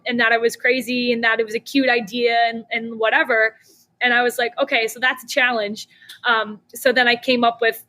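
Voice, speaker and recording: A young woman telling her story as a podcast guest, chatty and animated, with lots of "um" and "like". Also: on the high side. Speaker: guest, snack company founder. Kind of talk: casual interview storytelling.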